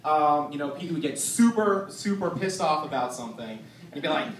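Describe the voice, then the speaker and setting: A man's voice: a little high, lively intonation, moderate pace. A man performing a stand-up comedy set, telling loose, profane stories with lots of fillers. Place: comedy venue stage. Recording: echoey room, distant mic, noisy.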